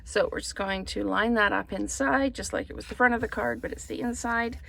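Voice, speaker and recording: Chatty woman with a gravelly voice. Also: on the high side, brisk, fairly bright tone, a little hiss or hum. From Canada. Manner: chatty, thinks aloud while crafting. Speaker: papercraft demonstrator. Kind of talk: casual card-making tutorial.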